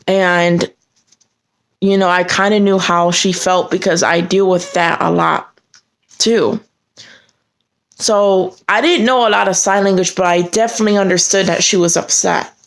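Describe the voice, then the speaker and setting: Woman telling a personal story on camera, earnest, gets worked up and her voice shoots up high when she's mad. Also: fairly even intonation, unhurried, long pauses. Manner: earnest, heated retelling that rises sharply in pitch when indignant.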